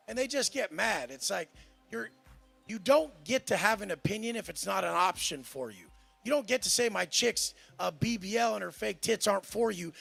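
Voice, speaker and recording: A man's voice: high voice, gravelly, a bit bright, breathy edge. A man on a panel ranting boastfully and aggressively, swearing constantly. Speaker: panel guest. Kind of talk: brash panel talk.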